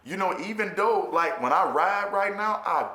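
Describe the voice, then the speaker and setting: A man's voice: high-pitched, lively intonation, normal speed, sharp tone. A man with a Chicago accent telling his own life story in a candid, profane way, often stammering and repeating words. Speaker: formerly incarcerated storyteller. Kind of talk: candid personal storytelling monologue. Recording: roomy echo.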